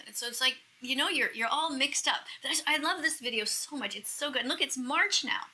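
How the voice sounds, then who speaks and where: A middle-aged woman with a high, piercingly bright voice gushes emotionally to the camera. She reacts to a video and keeps slipping into breathy whispers. The delivery is intense and heartfelt. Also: fairly quick, hardly any pauses, rough recording. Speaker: vegan activist vlogger.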